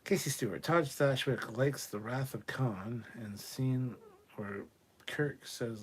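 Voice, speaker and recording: A man with a mid-range voice talks slowly over a faint hiss or hum. He's hosting a casual livestream, reading viewers' chat comments aloud and answering them in an offhand, profane way.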